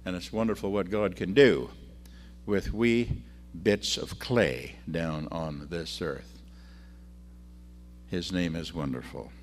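A male preacher with a fairly low voice delivers a sermon and reads scripture aloud. He moves between loud, emphatic lines and quiet, slowed drops. A faint hum sits behind him.

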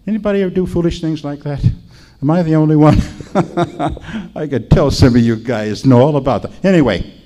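An older man with a fairly high, dark-toned voice preaches at a normal speed, telling stories in a folksy, chatty way. He often turns to his audience with questions.

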